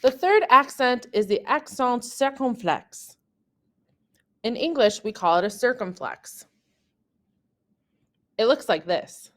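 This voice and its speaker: Woman teacher talking real slow and careful, jumps up on the example words. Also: fairly high pitch, animated. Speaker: French teacher. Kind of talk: slow scripted lesson narration.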